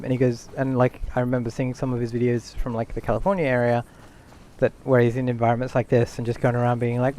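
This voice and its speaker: Man, game streamer, casual rambling commentary, thinks out loud, mid pitch. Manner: rambling, chatty, thinks aloud with fillers.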